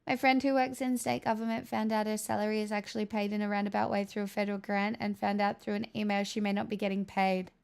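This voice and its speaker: A woman's voice: mid-range voice, little pitch movement, fast talker, gravelly, hardly any pauses, a little mellow, clear, resonant tone. A woman hosting a casual live stream, chatting with viewers and answering their comments. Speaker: host.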